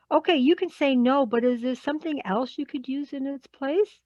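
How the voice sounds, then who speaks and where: A woman's voice: sits high, animated, brisk, hardly any pauses, a little mellow, no room sound, lo-fi sound. A woman who works in human resources leads an online workshop in a conversational way. She poses questions to her audience and repeats key words.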